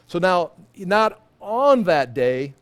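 A high-pitched male preacher teaching scripture in a loose, conversational sermon. He rambles, stops himself mid-thought and drops in joking asides. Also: sing-song, takes it slowly, clean tone. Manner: rambling, self-interrupting, humorous asides. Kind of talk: informal sermon, Bible teaching.

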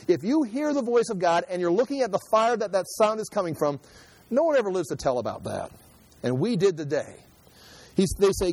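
A man giving conversational Bible teaching in an animated, joking way, acting out quotes and often restarting his sentences. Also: high voice, fairly quick, slightly rough, no room sound. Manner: animated, jokey, acts out quotes, frequent restarts. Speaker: preacher.

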